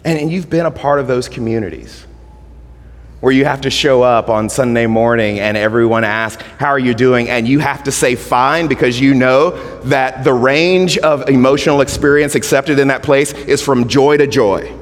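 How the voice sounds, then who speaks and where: A male pastor giving an earnest sermon. He swells to emphatic points, then drops quiet and stretches out his words. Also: mid-range voice, moderate pace. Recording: long hall reverb.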